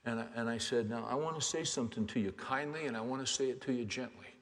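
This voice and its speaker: A man preaching a sermon as a pastor, dropping to quiet, hushed lines and then rising to loud, fervent exhortation. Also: medium pitch, quick pace. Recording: long hall reverb.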